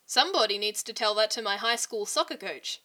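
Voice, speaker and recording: A woman voicing an excitable young man who teases and wheedles his friends. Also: mid-range voice, fairly quick. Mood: playful. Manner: eager, teasing, wheedling.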